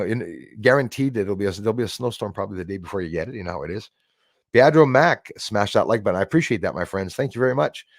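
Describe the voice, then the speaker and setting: Low-voiced man hosting a live stream. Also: no room sound, clean studio sound. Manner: rambling, greets chat viewers by name. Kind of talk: casual live-stream chat.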